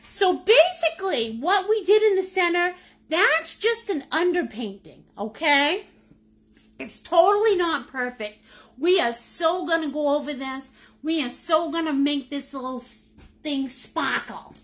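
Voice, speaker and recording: A woman's voice: sits high, bright, forceful tone. A woman with a Maine accent, teaching a live painting lesson in a chatty, jokey, upbeat way. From United States. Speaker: painting instructor.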